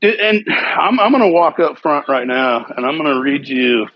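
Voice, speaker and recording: A man telling a story in casual podcast chat, animated and swearing freely. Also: fairly high pitch, normal speed, dry recording, muffled recording. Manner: animated storytelling, heavy swearing, quotes others.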